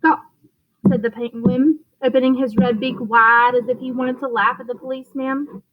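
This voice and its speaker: A woman teacher reading a chapter book aloud to children, expressive, with occasional stumbles. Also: high voice, moderate pace, highs cut off. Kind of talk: read-aloud storytelling for children.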